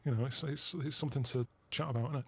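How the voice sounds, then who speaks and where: Deadpan bloke just telling it how it is, plain mid voice, kinda shrugs everything off. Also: male voice, mid-range voice, racing, creaky, husky. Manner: deadpan, flat and matter-of-fact, trailing off. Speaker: regular panelist describing his home life. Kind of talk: casual podcast chat.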